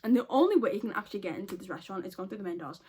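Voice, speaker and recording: A woman's voice: medium pitch, expressive, racing, darkish tone, slightly rough. A woman telling a storytime vlog in a casual, blunt way, swearing a lot and laughing often. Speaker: vlogger.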